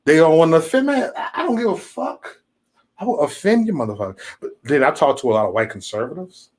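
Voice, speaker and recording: Profane, animated male livestream host. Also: fairly high pitch, fast talker. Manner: profane, animated, mocking impressions. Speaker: channel host. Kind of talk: casual political livestream chat.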